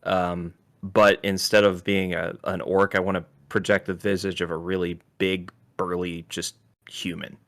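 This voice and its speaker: A man at a tabletop game laying out his plans step by step. His voice is low-pitched yet bright and crisp, heard in a dry, close sound. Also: level tone, unhurried, no room sound. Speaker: player. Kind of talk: casual tabletop play.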